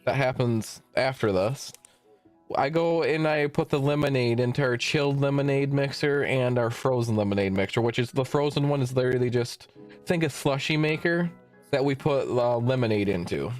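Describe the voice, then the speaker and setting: A man's voice: mid-range voice, moderate pace, faint music behind. A young man streamer casually telling a long work story, swearing freely and acting out the dialogue in it. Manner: animated, swearing, acts out quoted dialogue.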